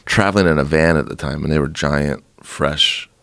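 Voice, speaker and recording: Deep-voiced male guest, lively anecdote, laughs often, curses freely. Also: moderate pace, dry recording. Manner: animated, laughing, swearing, acts out quotes. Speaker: podcast guest, musician. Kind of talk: casual storytelling.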